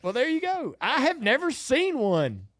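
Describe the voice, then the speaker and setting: A man, co-hosting a podcast and telling a story in an animated, laughing way. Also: extremely high pitch, a little slow, a little hiss or hum. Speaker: podcast co-host. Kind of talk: casual storytelling chat.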